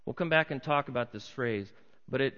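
A man's voice: mid-range voice, a little fast. Man preaching in a reverberant hall. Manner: conversational, acts out crowd voices. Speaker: pastor. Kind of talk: sermon. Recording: muffled sound with long hall reverb.

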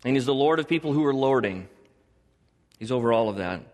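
A middle-aged man preaching a sermon to a congregation as pastor, animated, joking and acting out little dialogues. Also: fairly quick, big-room sound. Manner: animated, acts out dialogue with God in a higher voice; jokes and laughs with the congregation.

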